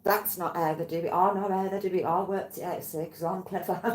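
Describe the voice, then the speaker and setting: A woman in casual chat, telling meandering, tangent-hopping stories and swearing freely. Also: on the low side. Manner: rambling, tangential storytelling with swearing. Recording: roomy, faint background ambience.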